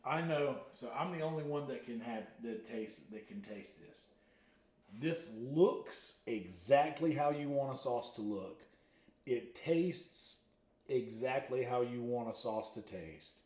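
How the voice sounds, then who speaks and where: A man hosting a casual cooking livestream from his home kitchen, excitable and boastful, exclaiming loudly about his own food. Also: mid-range voice, slow, echoey room. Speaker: livestream host.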